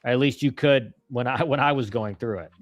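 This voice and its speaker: A man's voice: medium pitch, moderate pace, no echo, highs cut off. Chill guy hosting a live stream, rambly and slangy, dry close sound, bit of music in back. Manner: laid-back, rambling, frequent restarts and slang. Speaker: live-stream host, former college ballplayer. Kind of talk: casual live-stream chat answering viewer questions.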